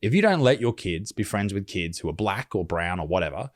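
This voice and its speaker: Man, reaction commentary, sarcastic, blunt, pitch bouncing all over. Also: lively intonation, brisk. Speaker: commentary host.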